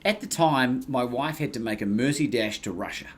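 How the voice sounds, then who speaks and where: A man with an Australian accent, a podcast guest telling a story in casual, animated talk and acting out the people he quotes. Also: mid-range voice, a little fast, a little hiss or hum. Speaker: guest, courage coach.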